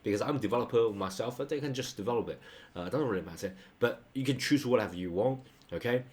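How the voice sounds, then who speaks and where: A man's voice: medium pitch, animated, fast talker, a little mellow. A man teaches a casual online lesson, talking loosely and ending his points with a checking "okay?". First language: Mandarin. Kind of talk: casual screen-share lesson.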